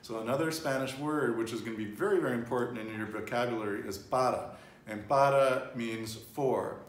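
Speaking fairly quickly at medium pitch, a man runs an informal Spanish lesson, nudging his learner along with patience and repeating her replies. The audio is roomy and distant, with faint background noise.

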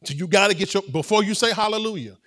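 A man's voice: sits high, fast talker, bright, forceful tone. A man preaching a sermon as pastor, conversational and playful, with call-and-response to the congregation.

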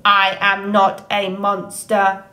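A woman voicing a calm, polite female robot who speaks slowly and evenly in a storybook reading. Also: medium pitch, reverberant. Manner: slow, even, deliberate delivery.

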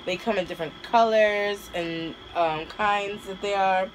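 A woman's voice: medium pitch, steady tone, measured pace, slight background noise, poor audio. A woman vlogger chatting casually and hesitantly as she unboxes and taste-tests snacks, with many fillers. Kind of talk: casual taste-test vlog.

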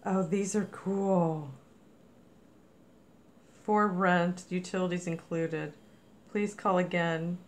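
A woman's voice: lowish voice, fairly even intonation, takes it slowly, pauses often. A woman narrating a craft mail unboxing in a casual, gushing way, exclaiming often over each item. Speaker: crafting vlogger.

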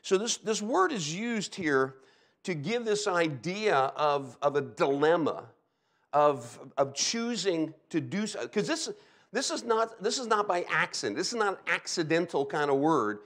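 A man's voice: a little high, big pitch swings, a little slow, fairly bright tone. A middle-aged man from Delaware preaching a sermon as a pastor, telling stories with sound effects and frequent "okay?" asides. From Delaware, USA.

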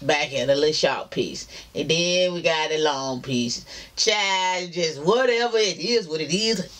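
A woman's voice: low voice, unhurried, fairly bright tone. Southern lady just chatting to her cam at home, loose and self-deprecating, talking to y'all. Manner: chatty, self-deprecating, drawls asides to viewers. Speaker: vlogger. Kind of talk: casual chat to camera. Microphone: camera mounted up high.

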